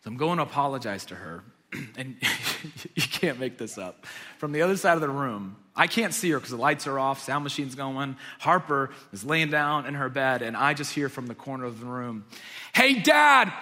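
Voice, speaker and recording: A man in his thirties, a pastor giving a sermon, telling a family story and swinging from hushed asides to loud emphatic preaching. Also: medium pitch, normal speed. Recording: long reverb of a large hall.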